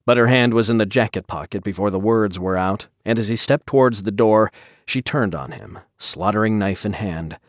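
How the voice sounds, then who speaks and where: A man with a very low, deep voice narrates a dark tale in a measured, deliberate way. The recording is dry and close, with no room sound. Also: no echo. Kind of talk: audiobook narration.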